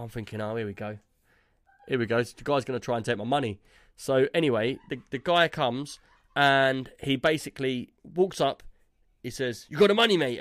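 A man spins a long, rambling anecdote for his podcast co-hosts, peppering it with "yeah?" and "like". His voice sits a touch high for a man. The sound is dry and close, with no room around it. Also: no echo. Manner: rambling, tags lines with "yeah?" and "like". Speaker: podcast co-host. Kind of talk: casual storytelling chat.

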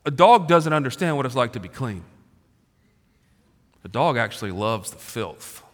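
A man in his forties preaching a sermon as a pastor, talking casually and slangily, swinging from loud emphasis to low, quiet stretches. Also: sing-song, moderate pace. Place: large church auditorium. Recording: long reverb of a large hall.

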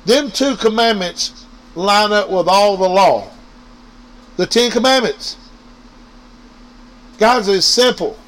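A man delivers an informal sermon over a radio or podcast mic. His voice sits a little high, and he keeps turning to his listeners, driving each point home by repeating it. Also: expressive, takes it slowly, long pauses, fairly bright tone, rough recording. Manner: preachy, repetitive, addresses listeners directly. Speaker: preacher. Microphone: online radio or podcast mic.

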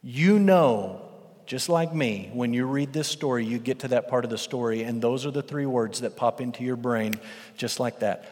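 A male pastor preaching a sermon, telling a parable as a lively storyteller who acts out the characters' voices. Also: mid-range voice, a little slow. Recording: long reverb of a large hall.

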